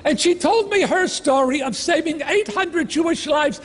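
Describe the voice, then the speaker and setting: A man in his sixties giving an emotional personal testimony in a slow, dramatic delivery with heavy pauses, speaking in a large outdoor amphitheatre. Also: very high voice. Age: 60s. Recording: long reverb from a large venue, faint ambience.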